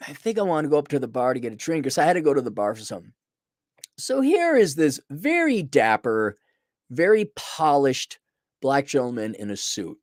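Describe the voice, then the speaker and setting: A man's voice: on the high side, darkish tone, no room sound, studio quality. A middle-aged man telling a rambling, self-mocking story in a casual monologue, full of sarcastic asides. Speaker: podcast host.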